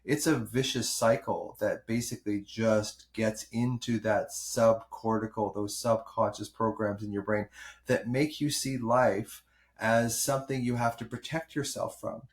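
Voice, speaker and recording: A man's voice: on the low side, fairly even intonation, a little slow. A man hosting a podcast as a doctor, explaining things thoughtfully with small restarts. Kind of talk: podcast conversation.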